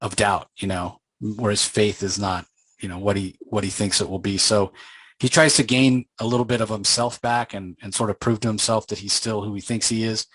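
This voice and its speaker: A man's voice: fairly low pitch, fairly even intonation, moderate pace, a bit bright, slightly rough, no echo, low-quality recording. A man casually recapping a comic book story in a loose, conversational way, with plenty of fillers.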